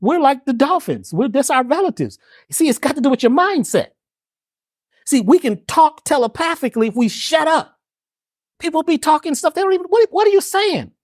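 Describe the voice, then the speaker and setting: A man's voice: very high voice, big pitch swings, moderate pace, dry recording, clean studio sound. A man being interviewed who teaches in an emphatic, preacherly way, firing off rhetorical questions and slang. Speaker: guest, spiritual healer and herbalist.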